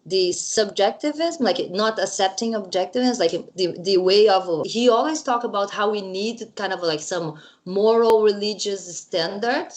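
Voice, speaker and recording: Woman, interviewer, hesitant questions, lots of fillers, average pitch. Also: moderate pace, few pauses. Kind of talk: casual conversational interview.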